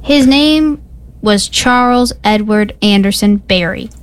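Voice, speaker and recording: A woman's voice: medium pitch, takes it slowly, clear, resonant tone. A woman co-hosting a casual radio show from a studio, asking short friendly questions. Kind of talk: casual on-air chat.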